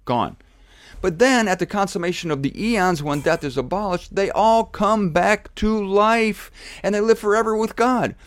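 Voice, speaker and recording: A man giving a casual, joking Bible teaching to camera, irreverent and animated. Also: high-pitched, moderate pace.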